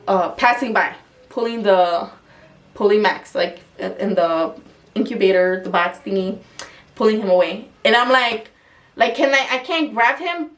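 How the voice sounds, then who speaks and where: A woman's voice: medium pitch, fairly bright tone, far from the mic. A young woman vlogger telling an emotional personal story in a casual, frank way, full of fillers and the odd swear word.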